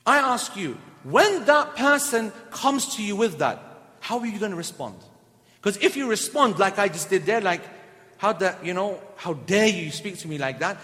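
High-voiced man preaching in a reverberant hall. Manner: lively storytelling, acting out quoted people. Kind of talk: sermon.

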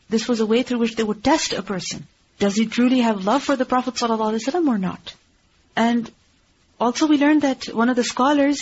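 A woman teaching a religious lesson in earnest, asking and answering her own questions and reciting Arabic verses quickly. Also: fairly high pitch, dull audio, slight background noise. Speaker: Islamic teacher. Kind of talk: religious lecture.

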